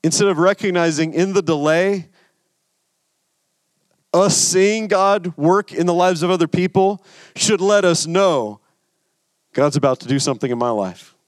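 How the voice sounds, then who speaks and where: A man's voice: high-pitched, a little slow, long pauses, no room sound. A man pastor delivering a sermon in a conversational way, often stammering and repeating words.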